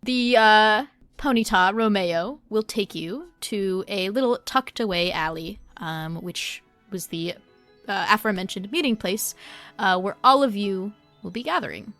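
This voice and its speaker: A woman's voice: mid-range voice, unhurried, a bit bright, soft background music. A woman narrating as game master of a tabletop game, in a casual, descriptive way with frequent fillers. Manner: descriptive, casual, many 'uh's.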